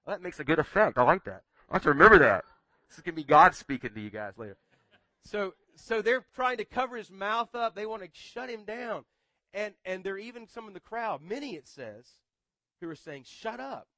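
Guy preaching, chatty and loose, bright voice, dry close sound. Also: high voice, very animated, a little fast, no echo. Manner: conversational, repeats words, humorous asides. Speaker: pastor. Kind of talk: sermon.

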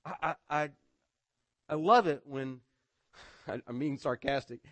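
Conversational pastor with a fairly high voice. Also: male voice, measured pace, no room sound. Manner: conversational, repeats words, often asks "right?". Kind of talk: sermon.

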